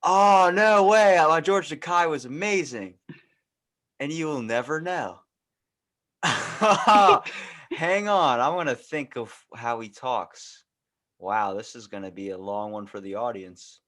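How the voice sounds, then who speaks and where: A man's voice: mid-range voice, normal speed, fairly bright tone. A man hosting a podcast interview, rambling and joking in casual chat. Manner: rambling, jokey, tries impressions. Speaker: podcast host.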